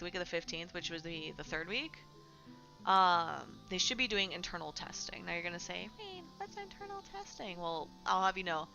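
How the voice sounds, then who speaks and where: Young woman streamer, bright voice, sweary ranting chat, slightly dull audio, faint music behind. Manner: profane, ranting, talks to chat, mocks gamers in silly high voices. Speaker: streamer discussing game news. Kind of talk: casual livestream chat.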